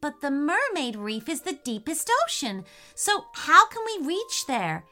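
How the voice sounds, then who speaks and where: A curious, wide-eyed young girl, as a woman puts her on, her voice raised high and lively. She asks questions with a nervous edge and a bright, sweet tone. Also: unhurried, heavily acted.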